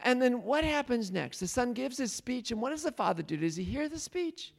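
A man's voice: extremely high pitch, lively intonation, a little fast, creaky. A man leading a Bible study, retelling a story and questioning his listeners, laughing often. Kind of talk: interactive Bible teaching.

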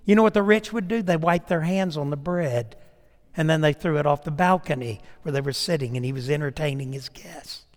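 A man preaching a sermon, swinging from hushed asides to loud, emphatic peaks. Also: fairly high pitch, big-room sound. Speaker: pastor.

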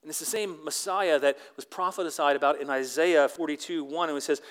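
Man, pastor, sermon, earnest, swings loud to hushed, higher voice. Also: steady tone, fairly quick, hardly any pauses. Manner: earnest, swings from forceful emphasis to hushed reverence.

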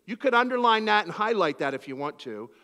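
Bright-voiced man preaching in a reverberant hall. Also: sits high, a little fast. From Philadelphia. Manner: animated preaching, acts out conversations. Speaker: pastor. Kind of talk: sermon. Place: church.

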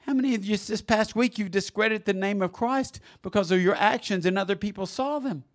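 A man preaching a sermon in a church, swinging from soft reflection to loud exclamations. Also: high voice, fairly quick. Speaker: pastor. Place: church sanctuary.

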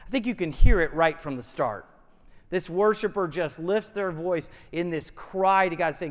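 A man preaching a sermon as pastor, talking in a conversational, animated way with frequent restarts. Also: fairly high pitch, moderate pace, in a large hall. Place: church sanctuary.

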